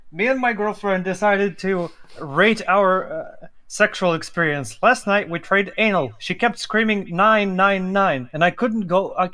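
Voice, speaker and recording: A man's voice: high-pitched, a bit bright. A man in casual chat, telling jokes in a playful, giggly way.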